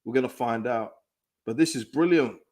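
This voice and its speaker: Male streamer, casual and excitable, reads chat comments aloud, laughs a lot. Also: medium pitch, normal speed. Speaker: live-stream football watchalong host. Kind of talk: casual live reaction chat.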